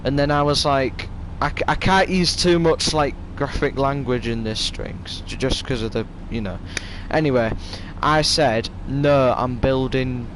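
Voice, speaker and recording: A man's voice: medium pitch, moderate pace, few pauses, a bit bright, slight background noise, low-quality recording. A young man with a Yorkshire accent chatting casually on a game live stream, rambling through stories in a stop-start way.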